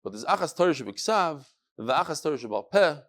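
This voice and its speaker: Male Talmud teacher, yeshivish English, high voice, acts out the lines as he teaches. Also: quick pace. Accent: yeshivish English with Hebrew and Yiddish terms. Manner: animated, acts out dialogue in raised voices. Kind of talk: Daf Yomi Talmud class.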